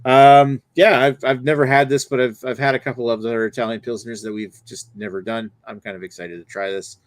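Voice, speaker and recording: A man's voice: mid-range voice, level tone, a little fast, dry recording. Rambling man hosting a beer show. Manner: rambling, lots of fillers and restarts. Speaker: host. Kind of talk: casual beer review livestream.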